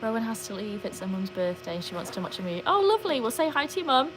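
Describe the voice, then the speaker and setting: A woman with an English accent hosting a casual live stream outdoors in the shade, chatting to viewers and jumping to high, excited tones when she calls to her dogs. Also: fast, noisy background.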